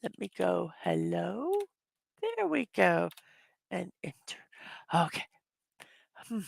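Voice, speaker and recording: Tired, hoarse woman greeting her chat. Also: lowish voice, big pitch swings, takes it slowly, dry recording. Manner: warm greetings to chat viewers one by one. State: tired from little sleep. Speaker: livestream host. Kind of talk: casual morning livestream chat.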